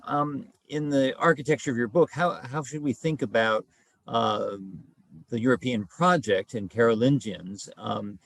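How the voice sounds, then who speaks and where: Gravelly low-voiced man asking a halting question. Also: no room sound. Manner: hesitant, halting with many ums. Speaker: audience member asking a question. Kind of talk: online Q&A question.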